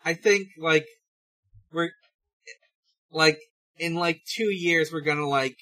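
A man co-hosting a podcast, talking casually and haltingly through a comic with many fillers and restarts. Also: fairly high pitch, bright, forceful tone, poor audio. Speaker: podcast co-host. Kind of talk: casual chat reading a comic.

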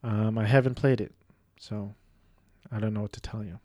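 A young video game vlogger talks on his own, rambling through a list of games with many ums and restarts and joking at his own expense. His fairly low voice has a darkish tone and fairly even intonation at normal speed, recorded with clean studio sound and no room sound.

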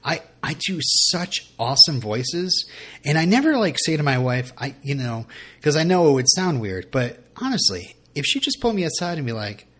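A man's voice: on the high side, big pitch swings, moderate pace, a bit bright, husky. A young man talks through a podcast episode in a loose, rambling way. He keeps restarting his sentences and pokes fun at himself as he goes. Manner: rambling, self-mocking, full of fillers and restarts. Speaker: podcast co-host. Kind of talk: casual chat.

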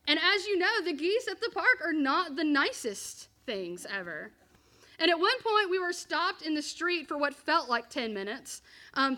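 A woman pastor preaching a sermon and telling a personal story, in an earnest, measured way. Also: sits high, pushed and bright.

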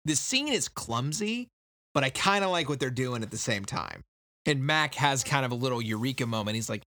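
A man co-hosting a podcast, recapping a book in casual chat and slipping into quick voices for the characters. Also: medium pitch, expressive, sharp tone, no room sound, studio quality. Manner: loose, joking, quotes characters in quick impressions.

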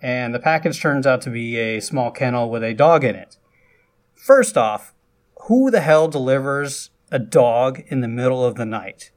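A man casually retelling a film's plot for a podcast, chatty and loose, with frequent asides and lively bursts. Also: mid-range voice, unhurried. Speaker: podcast host recapping a film. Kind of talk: casual film recap.

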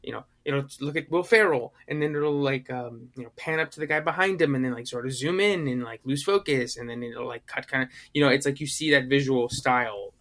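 Young guy cohosting a podcast, bright voice, rambly, lots of likes and ums. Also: mid-range voice, a little fast, few pauses. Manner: rambling, filler-heavy, acts out movie lines. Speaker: podcast co-host. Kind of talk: casual chat.

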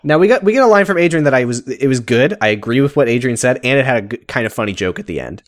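A man co-hosting a podcast in a casual, sarcastic chat. His pitch swings widely as he talks and swears, and the sound is dry and close. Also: lively intonation, quick pace, dry recording. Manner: sarcastic, profane, reads quotes aloud. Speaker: podcast co-host.

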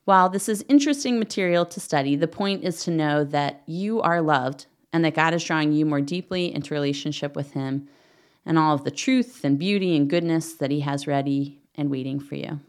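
A middle-aged woman hosting a faith podcast, gently teaching, leading prayer and reading aloud in an earnest way. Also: sits low, a little fast. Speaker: podcast host.

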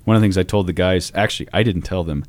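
Talking very fast in a low voice with no room sound, a man co-hosts a podcast on theology. He keeps it conversational and digressive, telling anecdotes and leaning on fillers.

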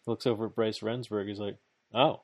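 A man with a lowish voice rattles through a play-by-play recap in casual chat. He sounds excited, laughs a lot and trips over his own restarts. The recording is dry and close, with no room sound. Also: a little fast, dry recording.

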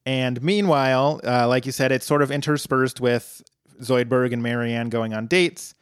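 Guy cohosting a recap podcast, smooth clear voice, dry close mic, deadpan. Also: mid-range voice, moderate pace, dry recording. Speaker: podcast co-host. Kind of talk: casual recap chat.

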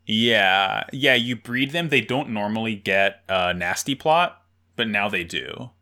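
Lively, bright-voiced tired podcast co-host man. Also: lowish voice, measured pace. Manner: jokey, animated, rambling with fillers. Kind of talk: casual chat.

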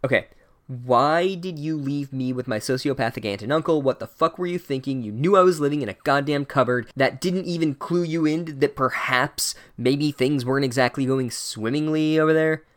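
A man's voice: mid-range voice, moderate pace, a bit bright, lightly acted. A man voicing a blunt, exasperated boy wizard in a comedic recap, close to his own voice.

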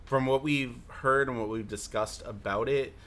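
A man's voice: mid-range voice, steady tone, normal speed, a bit bright. A man co-hosting a podcast in casual chat, thoughtful and hesitant, with many ums. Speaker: podcast co-host.

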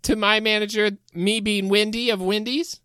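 Improv: a man voicing a bubbly drive-thru mascot girl, pitched up, plain dry sound. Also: level tone, normal speed, pushed and bright, clean tone, no echo. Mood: chipper. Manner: chipper, giggly service voice. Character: cheery fast-food girl mascot.

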